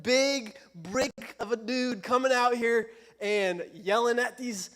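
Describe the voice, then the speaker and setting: A man's voice: extremely high pitch, slow pace, a bit bright. A young man preaching a casual youth sermon in a church, joking and self-deprecating.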